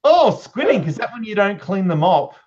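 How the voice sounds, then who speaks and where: Joking man, lively voice. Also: high-pitched, normal speed, very noisy. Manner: joking, goofy, laughs a lot. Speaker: stream co-host. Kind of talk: casual chat. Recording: dull lo-fi stream audio.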